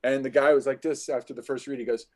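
A man's voice: medium pitch, steady tone, quick pace. A middle-aged man and veteran actor, telling anecdotes in an interview and restarting his phrases often. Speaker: guest actor. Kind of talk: conversational interview storytelling.

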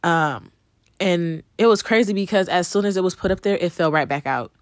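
A woman's voice: lowish voice, normal speed, dry recording. A woman telling viewers a personal story in a conversational way, with frequent ums and repeated phrases. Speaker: vlogger telling her birth story.

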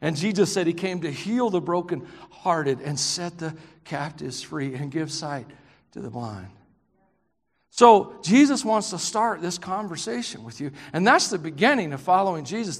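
A man preaching with a Southern US accent, his voice pitched unusually high for a man. He tells stories animatedly, slips in jokes and suddenly breaks into shouts. The sound rings out with the long reverb of a large church hall. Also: moderate pace. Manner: animated, joking storyteller who bursts into shouts. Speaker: pastor. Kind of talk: sermon.

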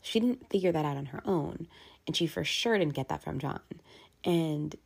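A working mother in her thirties speaks frankly in a personal vlog, confessional and casual with plenty of fillers. Her low-pitched voice is slightly rough with vocal fry, at normal speed.

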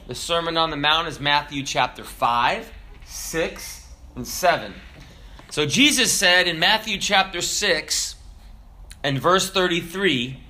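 Man, pastor, sermon, slightly high pitch, bright tone, emphatic, humorous asides.

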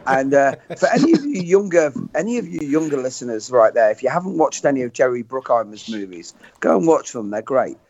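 A man's voice: medium pitch, expressive, darkish tone, highs cut off. A man in his fifties chatting casually on a podcast roundtable, joking and rambling. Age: 50s. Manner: joking, rambling, quick to laugh. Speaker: podcast panelist.

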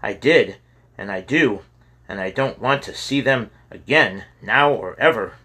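A man voicing a fearful but proud young boy explorer, raising his voice to a higher, louder register for the boy. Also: a little slow, husky, exaggerated voice. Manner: raised higher voice, loud protests.

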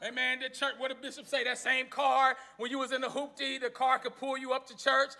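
High, gravelly-voiced preacher. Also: male voice, little pitch movement, a little fast, sharp tone. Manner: call-and-response, folksy storytelling. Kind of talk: sermon.

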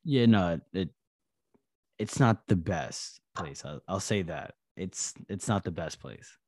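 Deep-voiced man, dry close sound. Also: expressive, slow pace, dry recording. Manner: laughs often, asks questions. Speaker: podcast host. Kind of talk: casual chat.

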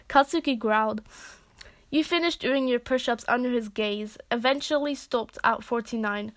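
A woman's voice: on the high side, moderate pace, no echo. A woman reading a fanfic story aloud in a casual way, with chatty asides between the narration. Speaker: fanfic reader.

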